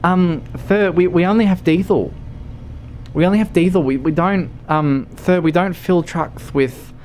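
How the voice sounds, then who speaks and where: A man's voice: high voice, measured pace, a little mellow, slight background noise, voice pushed up. A man voicing a flustered fuel station attendant with an Australian accent, stammering and polite.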